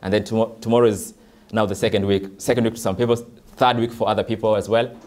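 A man's voice: on the low side, flat delivery, fast talker, a little mellow. A man, a pastor, preaching an earnest sermon at a church worship service, talking in a loose, conversational way with frequent fillers.

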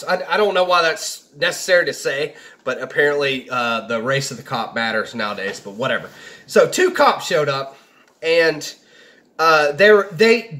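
A man's voice: high-pitched, a bit bright. A young man casually telling a personal story, rambling and quoting people as he goes. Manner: rambling, restarts, quotes people in his own voice.

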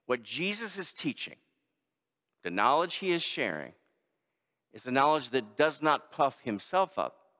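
Male pastor, mid pitch, animated delivery, sermon in a big echoing church. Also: unhurried, long pauses. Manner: lively preaching with quoted voices. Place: large church sanctuary. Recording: long church reverb.

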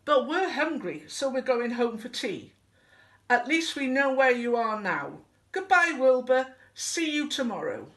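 A woman reading a picture book aloud, voicing a cheerful, kindly male elephant in a friendly, gently teasing voice. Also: high voice, very animated, a little slow, recorded from a distance, pitched above the performer's own voice, full character voice.

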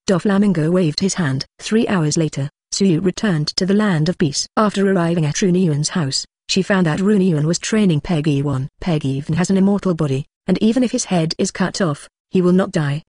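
A narrator reading a novel aloud in an even, steady delivery with little variation. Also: medium pitch, fairly quick, no room sound, clean studio sound. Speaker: audiobook narrator. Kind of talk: scripted narration.

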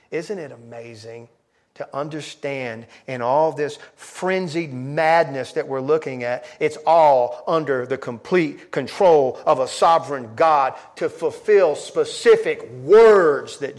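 A man preaching a sermon as pastor, dramatic and emphatic, acting out the people he quotes with big swings in loudness. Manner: dramatic, voices quoted speakers with sharp swings in pitch and volume.

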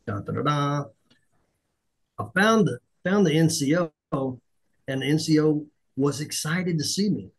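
Husky middle-aged man telling a story. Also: fairly high pitch, a little slow, low-quality recording. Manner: animated, acts out dialogue, self-deprecating. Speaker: podcast host. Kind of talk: conversational storytelling.

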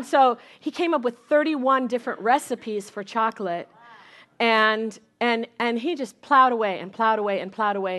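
Preaching in a fairly high voice, a middle-aged woman pastor shares a testimony about her family. She tells it with lively storytelling energy, often repeating herself and starting over.

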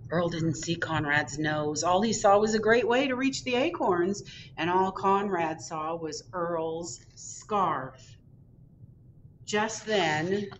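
A woman librarian reading a picture book aloud to children, expressive and drawn out. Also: lowish voice, recorded from a distance, highs cut off, slight background noise.

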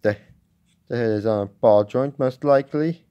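A man casually reviewing a toy at home, talking in a halting way with many restarts. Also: mid-range voice, smooth, highs cut off. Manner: halting, with frequent restarts and fillers.

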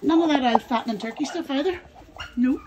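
Woman, high lively baby-talk voice for farm birds, noisy outdoor pen. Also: a little fast. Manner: cooing, sing-song pet talk. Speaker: farm keeper talking to her poultry. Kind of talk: casual vlog, baby talk to animals. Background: birds clucking and gobbling.

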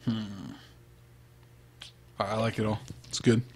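A man's voice: fairly low pitch, monotone, measured pace, slightly rough. A man giving casual, chatty gameplay commentary, thinking aloud and trailing off as he plays. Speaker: let's play host.

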